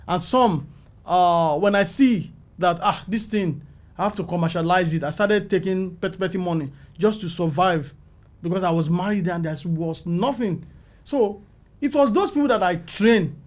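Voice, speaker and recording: A middle-aged man with a Nigerian accent, a film makeup artist telling his story as an interview guest and acting out the voices of people calling him. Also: measured pace. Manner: animated, acts out calls and quotes with rising pitch.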